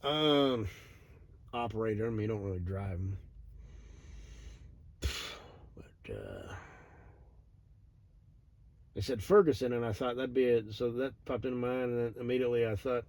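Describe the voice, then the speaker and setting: A middle-aged man telling a rambling, digressive story in a profane, deadpan way. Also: mid-range voice, unhurried, pauses often, no echo. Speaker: vlogger. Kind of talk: rambling monologue.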